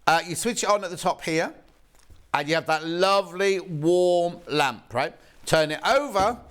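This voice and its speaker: Man, shopping channel presenter, rambling, lively swooping pitch, slightly high voice. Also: a little slow. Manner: rambling, excitable, anecdotal. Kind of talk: chatty live TV product demo. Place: TV studio.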